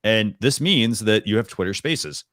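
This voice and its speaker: A man with a fairly low voice hosts a talk show and walks through a live demo. He rambles casually, full of fillers and restarts. His voice sounds dry and close, with no room around it. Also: expressive, measured pace, a bit bright, no echo. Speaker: show host.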